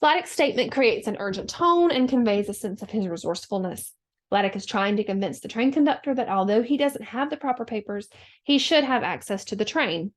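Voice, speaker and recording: A woman teacher giving a recorded lesson, talking students through the steps in a steady, instructional way with frequent fillers. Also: fairly high pitch.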